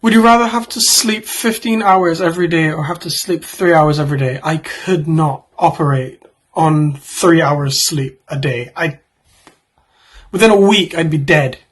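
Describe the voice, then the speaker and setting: A man's voice: high voice, normal speed, fairly bright tone. A man in his twenties, a YouTuber, reading out would-you-rather questions and answering them in a rambling, joking way with offhand asides.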